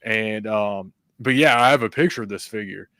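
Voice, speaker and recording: A man with a fairly low voice tells his stories in loose, casual chat. He laughs easily and leans on fillers like "um" and "like" between thoughts. The recording is dry and close, with no room sound. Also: clear, resonant tone, dry recording. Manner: animated storyteller, quick laughs, many fillers. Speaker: podcast guest.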